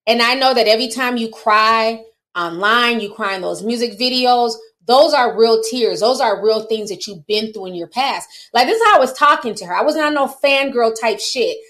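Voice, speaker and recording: A woman talking through celebrity gossip in a chatty, opinionated way, with a voice pitched a little high. She addresses her viewers directly and teases them as she goes. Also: normal speed, a bit bright. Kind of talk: casual commentary.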